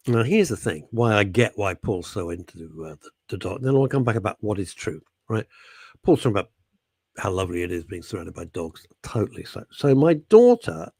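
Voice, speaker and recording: A man's voice: on the low side, gravelly, no echo, studio quality. A man hosting a radio talk show, rambling through stories in casual chat with wry asides. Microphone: studio microphone.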